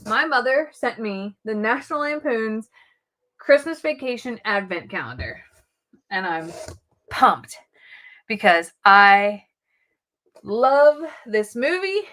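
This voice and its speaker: A middle-aged woman hosting a casual live stream, chatting excitedly with her viewers. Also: fairly high pitch, takes it slowly, pauses often.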